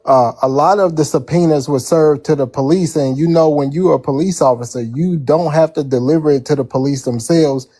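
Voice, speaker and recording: A man joining the stream as a guest, explaining calmly. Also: on the high side, brisk, hardly any pauses. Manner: calm, explanatory.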